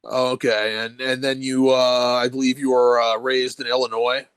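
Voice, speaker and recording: A man hosting a call-in comedy stream, questioning a caller haltingly from his notes. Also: mid-range voice, level tone, fairly bright tone, clean tone, dry recording. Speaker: host. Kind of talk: mock-serious interview.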